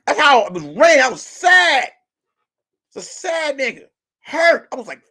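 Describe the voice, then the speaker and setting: High, lively male comedian storytelling. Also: normal speed. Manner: animated, with sudden loud outbursts; profane and rambling. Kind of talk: stand-up storytelling.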